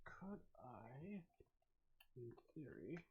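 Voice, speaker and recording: A man hosting a casual livestream, reading viewer comments aloud and answering them, laughing often and breaking into sudden loud outbursts. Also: mid-range voice, big pitch swings, very slow, dull audio, noisy background. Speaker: livestream host.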